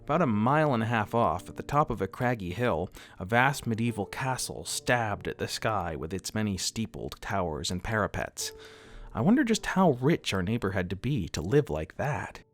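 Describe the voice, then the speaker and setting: A man's voice: on the low side, very animated, moderate pace. A man narrating a first-person horror story in a dramatic, wry scripted telling.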